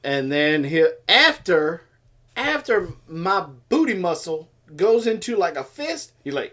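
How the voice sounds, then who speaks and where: A man's voice: high-pitched, big pitch swings, slow, bright, forceful tone. A man co-hosting a livestream, telling a story in casual chat and acting out other people's voices and sounds. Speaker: co-host of a homestead livestream.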